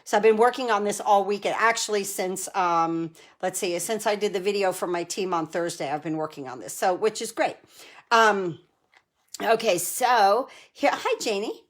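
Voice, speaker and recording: A woman's voice: medium pitch, moderate pace. A middle-aged woman from New Jersey hosting a casual live card-making tutorial, chatty and enthusiastic, greeting viewers by name.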